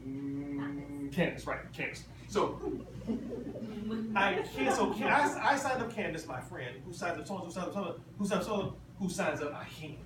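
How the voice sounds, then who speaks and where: A man's voice: on the high side, expressive, moderate pace. A man giving a motivational convention talk, emphatic and repetitive, throwing questions at the crowd. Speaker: motivational speaker. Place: large convention hall. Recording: echoey hall from far off, ambient noise.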